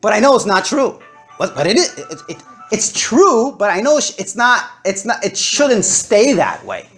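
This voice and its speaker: A man lecturing to a live audience, animated and acting out his stories with big swings in his voice. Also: sits high, normal speed, faint music behind.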